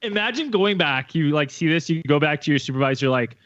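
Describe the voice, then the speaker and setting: A fairly high-voiced man who chats with loose, profane energy and breaks into silly impressions as he tells a story. His voice comes through a muffled, lo-fi recording. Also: a little fast. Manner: animated, profane, acts out scenes in silly voices. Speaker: podcast co-host. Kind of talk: casual chat.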